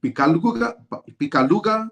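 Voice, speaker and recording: A man's voice: high voice, expressive, normal speed, vocal fry, a bit bright. A man in a casual talk show who speaks fervently, repeating lines for emphasis like a preacher. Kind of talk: preaching-style casual chat.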